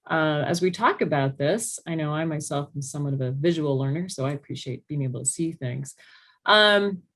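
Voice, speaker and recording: Animated woman explaining speech sounds. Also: sits low. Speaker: speech-language pathologist. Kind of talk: explanatory talk for parents.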